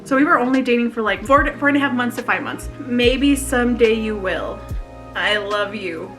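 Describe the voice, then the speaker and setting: Faint music plays behind a woman in her twenties whose voice is on the high side and a bit bright, at a moderate pace. She's reading her old journal aloud for a confessional vlog, emotional and laughing nervously.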